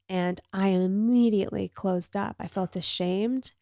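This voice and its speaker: A woman podcast host telling a personal story in an open, emotional and confessional way, sometimes dropping to a soft near-whisper. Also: mid-range voice, steady tone, moderate pace, gravelly, no echo, studio quality.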